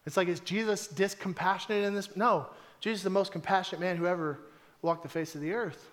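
High-voiced man preaching a lively sermon. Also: quick pace. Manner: animated, conversational preaching with emphatic repetition. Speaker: pastor.

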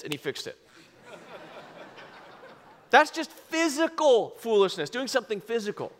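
A man preaches to a congregation in a high, bright voice. He tells his story with big swings between hushed asides and shouted lines, acting out every quote. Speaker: pastor. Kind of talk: sermon with personal story. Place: church service before a congregation.

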